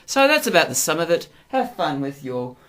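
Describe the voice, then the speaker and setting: A middle-aged man ranting in a sarcastic, crude monologue, swinging between mutters and loud outbursts. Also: fairly high pitch, big pitch swings, moderate pace. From Australia. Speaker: vlogger.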